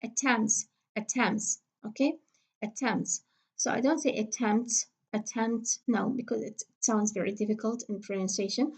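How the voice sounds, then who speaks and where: A woman with a somewhat high voice gives a recorded lesson on English pronunciation. She speaks patiently, with frequent fillers, and slowly repeats each example word. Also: fairly even intonation, creaky, a little mellow, slightly rough. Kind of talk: recorded phonetics lecture.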